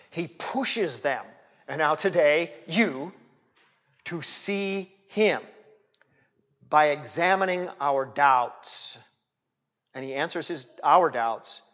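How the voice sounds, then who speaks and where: A male pastor preaching a sermon in a church, emphatic, repeating key words and swinging from loud to hushed. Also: fairly high pitch. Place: church sanctuary. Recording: reverberant, dull lo-fi church recording.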